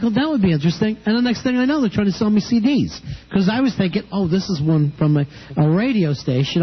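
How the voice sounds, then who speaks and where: A man's voice: sits high, slightly rough. A man hosting a radio show, telling wry stories in casual banter and acting out the people he talks about. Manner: wry storytelling, acts out callers. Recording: dull lo-fi radio broadcast.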